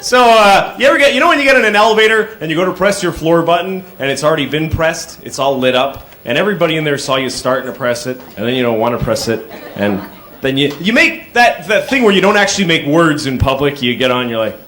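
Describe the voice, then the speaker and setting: Recorded live in a club, with the audience laughing, this comedian tells conversational stories and erupts into sudden shouted bits. His voice is a little high, with a quick pace and lively intonation.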